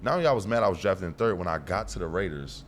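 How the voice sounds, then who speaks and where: A young man speaks quickly in a fairly low voice as a guest in a casual interview. He tells his stories with animation and acts out each exchange. A faint hum sits behind him. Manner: animated storyteller who acts out quoted dialogue. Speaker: guest, pro football player.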